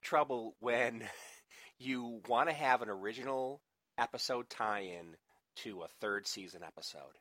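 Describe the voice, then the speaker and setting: A man's voice: medium pitch, a little slow, a bit bright, no echo. A man co-hosting a podcast, chatting casually and rambling with restarts and laughter. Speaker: podcast co-host. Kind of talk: casual chat.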